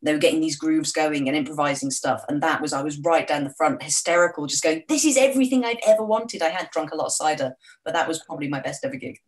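A woman's voice: sits low, little pitch movement, fast talker, poor audio. Chatty self-mocking woman author. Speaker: author guest. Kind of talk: casual interview chat.

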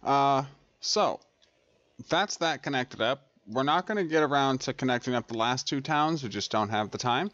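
A man talks through his gameplay in a loose, rambling way, often stopping to correct himself. His voice sits at an ordinary middle pitch. The close mic sounds dry and a little dull, with faint mouse clicks behind him. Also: expressive, normal speed, fairly bright tone, dry recording. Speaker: gaming channel host. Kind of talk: casual gameplay commentary. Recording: dry, slightly dull home recording.

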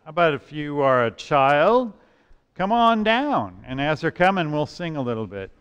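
A man leading a children's message in church, playful and animated, singing and acting out moods for the kids. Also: a little high, normal speed, clean tone, muffled recording. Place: church sanctuary.

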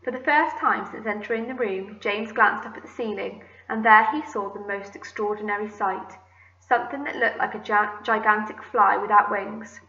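A woman teacher reads a children's book aloud with gentle, expressive storytelling. Her voice is bright and forward. The room rings a little, and the sound is slightly muffled. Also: mid-range voice, moderate pace, roomy sound. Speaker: primary school teacher.

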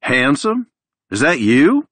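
A man's voice: medium pitch, huge pitch swings, takes it slowly, a bit bright, breathy edge, no room sound, pitched above the performer's own voice, heavily acted. A man doing a drawling Southern down-and-out rocker. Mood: surprised. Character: drawling down-and-out man, former rock star.

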